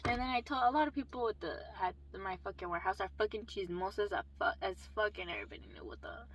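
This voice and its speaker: A young woman telling a personal story in a casual vlog, swearing and animated. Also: medium pitch, fast talker, breathy edge, low-quality recording. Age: young adult. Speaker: vlogger.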